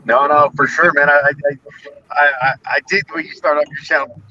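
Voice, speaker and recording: A man's voice: a little high, flat delivery, normal speed, pushed and bright, recorded from a distance, lo-fi sound, slight background noise. Friendly man calling in from a car. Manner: friendly, many restarts. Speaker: guest YouTuber on livestream. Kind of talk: casual livestream chat. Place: car, passenger seat.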